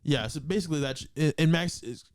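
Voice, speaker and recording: A man's voice: on the high side, brisk, smooth, no echo. A young man co-hosting a podcast, casually and animatedly retelling a story with bursts of laughter. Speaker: podcast co-host.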